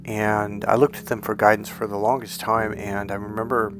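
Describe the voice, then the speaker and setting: A man's voice: lowish voice, flat delivery, moderate pace, music in the background. A man, a coach, telling a personal story in an earnest, rambling way, often correcting himself mid-sentence. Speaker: dating and healing coach.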